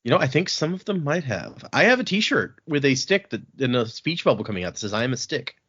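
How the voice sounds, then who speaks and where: A man hosting a podcast, recapping chapters in a casual, animated way with frequent laughs and restarts. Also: medium pitch, fairly quick, breathy edge. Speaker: podcast host recapping a book. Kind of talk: casual book-club chat. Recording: dull lo-fi podcast audio.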